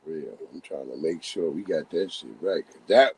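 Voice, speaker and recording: A man's voice: very deep voice, moderate pace, a little mellow, breathy edge, rough recording. A young man from Long Island, New York, telling a story in casual podcast chat. He acts out the voices of the people in it and uses plenty of profane slang. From Hempstead, Long Island, New York. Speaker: storyteller guest.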